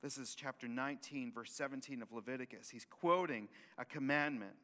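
A male pastor preaching a sermon, animated and emphatic, often repeating and restarting his phrases. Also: medium pitch, brisk, in a large hall.

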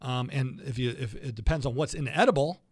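Animated man hosting a legal talk show. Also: medium pitch, fast, slightly rough, dry recording, studio quality. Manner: animated, rambling, frequent restarts. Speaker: radio show host and lawyer. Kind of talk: casual talk-radio chat.

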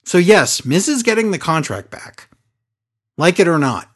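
Animated male podcast co-host, husky tone, very expressive pitch. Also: normal speed. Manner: animated recapping with lively asides. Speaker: wrestling show co-host. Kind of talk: casual podcast chat.

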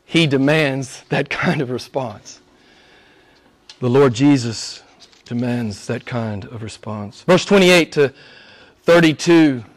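Taking his time, a male pastor preaches to his congregation through a string of questions. He builds to loud, emphatic crescendos and then lowers into soft, hushed asides.

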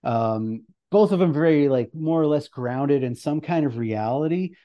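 A man's voice: a little high, animated, moderate pace, dull audio. Rambling, laughing man on a podcast. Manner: rambling, swears and laughs often. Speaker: guest presenter. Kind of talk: casual podcast chat.

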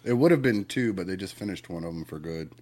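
A man's voice: sits low, expressive, fast, mellow. A man co-hosting a casual podcast, brash and crude with joking rants. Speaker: podcast co-host.

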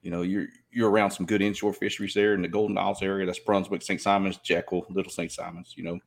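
A man's voice: deep voice, flat delivery, fast talker, gravelly. A man, rambling casually as a podcast guest and filling his talk with "you know". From Southeast Georgia. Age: 50s. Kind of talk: casual chat.

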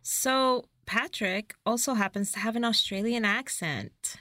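A woman's voice: fairly high pitch, sharp tone, no room sound, studio quality. A woman co-hosting a podcast, playfully retelling a movie's plot in casual chat. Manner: playful storyteller, narrates plot with quick acted-out quotes. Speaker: podcast co-host.

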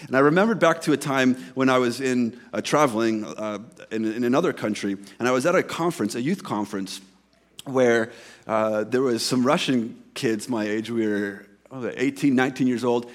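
A man, a pastor, preaching a sermon in a conversational way, telling a personal story and acting out bits of dialogue with frequent self-corrections. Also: medium pitch.

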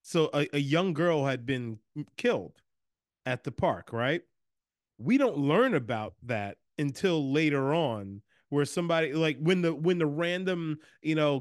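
A man's voice: on the high side, no echo. Male podcast co-host, rambling casual delivery, speeds up when riled, dry room. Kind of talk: casual chat.

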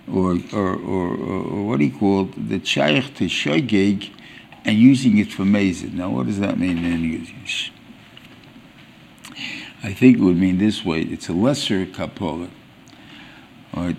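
A man giving an informal Torah lecture as a rabbi, halting and restarting as he searches for words. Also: low-pitched, creaky, a little mellow, slight background noise. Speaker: rabbi teaching a weekly Torah class.

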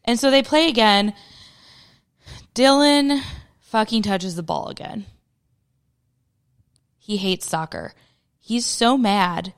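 A woman co-hosting a podcast in loose, chatty conversation. Her voice carries a gravelly, creaky edge. She laughs easily and swears freely as she talks. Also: medium pitch, takes it slowly, pauses often. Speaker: podcast co-host. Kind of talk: casual chat recapping a movie.

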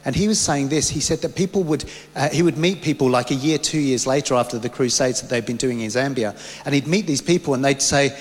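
A man's voice: medium pitch, fast. A man preaching a sermon, fervent and anecdotal, often restarting his sentences. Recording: long hall reverb.

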